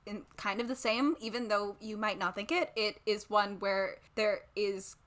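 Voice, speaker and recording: Giggly, bright-voiced Massachusetts woman. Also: medium pitch, steady tone, normal speed. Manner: giggly, rambling with many fillers. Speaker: podcast co-host. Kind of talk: casual chat.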